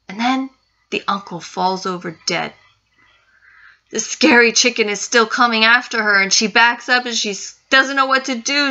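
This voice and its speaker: Woman, storyteller, suspenseful, repetitive build-up, sharp bright voice. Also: on the high side. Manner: suspenseful, repeats phrases for effect. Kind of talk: spoken story narration. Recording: dull lo-fi recording.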